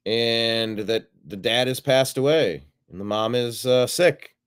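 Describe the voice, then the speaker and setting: A man's voice: mid-range voice, slow pace, clean tone. A middle-aged man hosting a show, casually rambling as he retells a phone call and acts out both sides of it. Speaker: show host. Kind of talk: casual livestream monologue.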